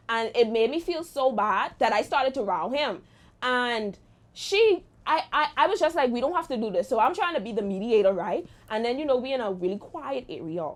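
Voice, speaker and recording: A young woman hosts her show and tells a personal story in an animated, exclaiming way. Her voice sits a little high, and she speaks in a casual storytime monologue. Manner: lively, animated retelling with exclamations. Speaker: host.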